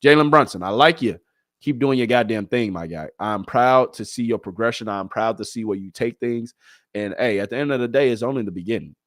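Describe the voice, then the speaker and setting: A man hosting a casual solo sports talk show, animated and full of slang, talking straight to his listeners. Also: medium pitch, brisk, no echo, clean studio sound. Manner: animated, hyped, talks straight to the audience with slang. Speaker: sports podcast host.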